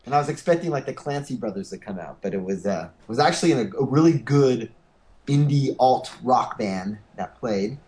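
A man's voice: medium pitch, expressive, a little fast, a little mellow. A man co-hosting a comedy news podcast, joking irreverently and laughing often. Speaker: podcast co-host. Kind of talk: casual comedic chat.

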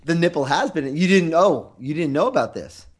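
A man co-hosting a comedy podcast in casual chat, playful and animated, slipping into mock announcements. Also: a little high, moderate pace, breathy edge. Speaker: podcast co-host.

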